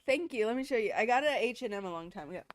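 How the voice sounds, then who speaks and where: A woman's voice: on the high side, expressive, very fast, no echo. A woman chatting casually with her viewers on a live stream, rambling from one thing to the next.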